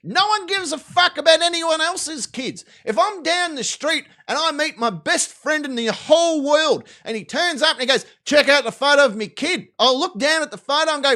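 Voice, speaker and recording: Brash, animated Australian man. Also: very high voice, normal speed, few pauses. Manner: crude, swaggering, rambling. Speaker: live stream host. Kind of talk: profane live commentary on videos.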